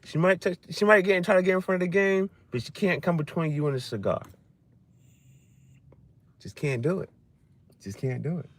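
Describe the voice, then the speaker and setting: A man's voice: high-pitched, moderate pace, long pauses. A man talking in a loose, rambling chat, laughing often and swearing freely in slangy banter. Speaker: livestream host.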